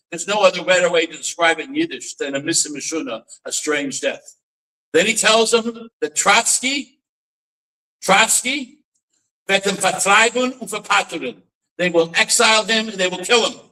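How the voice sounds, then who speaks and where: A man's voice: high-pitched, bright, forceful tone, far from the mic, rough recording. A man, a rabbi and author, giving a dramatic storytelling lecture to an audience, weaving in Yiddish phrases and often restarting his sentences.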